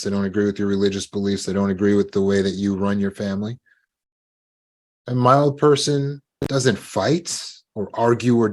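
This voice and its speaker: A man giving a talk on trauma recovery, calm and gentle, now and then acting out short sample dialogues. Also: on the low side. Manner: gentle, acts out sample dialogues with lively shifts. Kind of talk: instructional talk.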